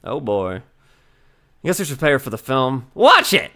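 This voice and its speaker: A man's voice: mid-range voice, very animated, a little slow, sharp tone, full character voice. A man voicing a brash, tough Southern woman photographer in a game, with a drawling Southern US accent and a hollering folksy manner. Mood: impatient. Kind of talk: reading game dialogue aloud.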